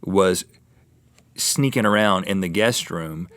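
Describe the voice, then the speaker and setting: A man's voice: deep voice, slow pace, a bit bright, no echo. A man co-hosting a studio talk show, telling stories in playful, teasing comedic banter. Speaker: co-host.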